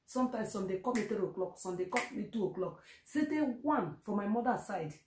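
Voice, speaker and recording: A woman with a Nigerian accent, telling a story in a casual, animated way, full of fillers and repeats. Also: mid-range voice, brisk, roomy sound, noisy background. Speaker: vlogger.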